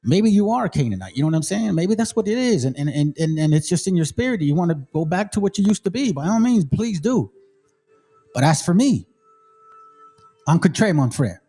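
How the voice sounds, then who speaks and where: A man's voice: sits high, animated, a little fast, mellow, soft background music. A middle-aged man from Mexico, hosting a channel and commenting emphatically on a played debate clip in a casual, preachy street manner. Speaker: channel host.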